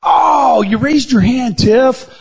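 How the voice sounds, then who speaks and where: A man's voice: very high voice, expressive, slow, creaky, husky. A man co-hosting a podcast in casual joking chat, playfully teasing and hamming up his game-show announcements. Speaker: podcast co-host.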